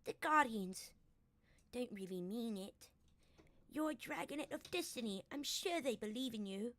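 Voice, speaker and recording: Bickering young dragonets from a storybook come through in a bouncy, animated voice, as a woman reads them out. The pitch swings freely and the lines tumble out quickly. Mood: reassuring.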